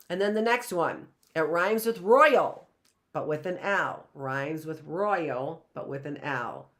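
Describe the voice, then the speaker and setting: A middle-aged woman teaching an online phonics lesson, explaining slowly and sounding out letters and words. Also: fairly low pitch, animated, fairly bright tone.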